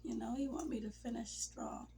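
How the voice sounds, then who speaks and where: A woman rambles emotionally to her camera, sometimes sinking to a near-whisper. Her voice sits a little high with a gravelly fry, and a faint hum runs underneath. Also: fairly even intonation, moderate pace. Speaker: vlogger. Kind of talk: casual talk to camera. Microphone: phone or camera mic.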